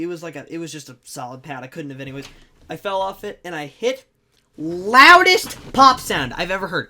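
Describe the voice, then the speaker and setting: A young man spins a comic personal story with animated, jokey delivery. His voice is bright and forceful, and it jumps into sudden loud bursts at the punchlines. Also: high-pitched.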